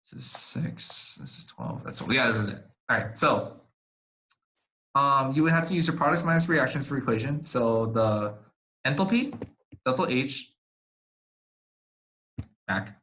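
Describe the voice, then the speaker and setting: A man's voice: medium pitch, animated, unhurried, pauses often, pushed and bright, rough recording. Casual, swearing young male chemistry tutor. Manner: casual and easily flustered, swearing and laughing at himself. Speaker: supplemental instruction leader.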